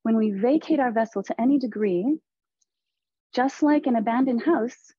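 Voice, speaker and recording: A woman giving a slow, deliberate, earnest spiritual lecture to therapists over a video call. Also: a little high, warm tone, husky, dry recording. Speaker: presenter on a teaching panel. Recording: dull lo-fi video call audio.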